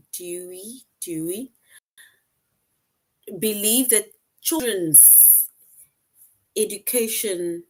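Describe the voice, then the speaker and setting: Slow, patient woman teaching grammar. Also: medium pitch. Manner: slow, patient, reads sentences aloud then quizzes. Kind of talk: online grammar lesson.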